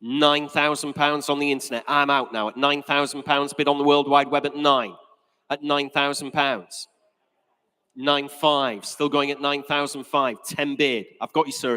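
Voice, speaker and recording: A man calls bids from the rostrum of a car auction, quick with figures and quick with a joke. His voice sits a little high for a man. It rings out through a big echoing hall. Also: pushed and bright. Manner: brisk, jokey patter between bids. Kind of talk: live auction calling.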